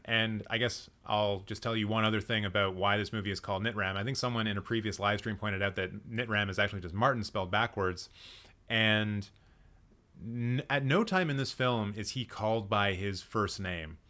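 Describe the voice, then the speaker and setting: A man's voice: fairly low pitch, fairly quick, pushed and bright. A man hosting a live movie chat stream, thinking aloud with frequent ums and restarts as he reacts to the chat. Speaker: livestream movie chat host. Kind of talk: casual live-stream film discussion.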